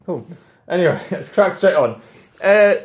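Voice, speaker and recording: A man's voice: high-pitched, lively intonation, a little slow, dull audio. A man hosting a casual film podcast, chatty and loose, swearing and trailing off mid-thought. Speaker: podcast host. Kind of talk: casual chat.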